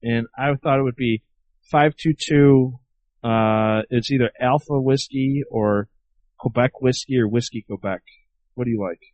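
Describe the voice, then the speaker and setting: A man's voice: medium pitch, a little slow, darkish tone, no room sound, muffled recording. A man co-hosting an aviation podcast, chatting in an easygoing way and laughing along. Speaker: podcast co-host, pilot. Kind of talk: casual aviation podcast chat.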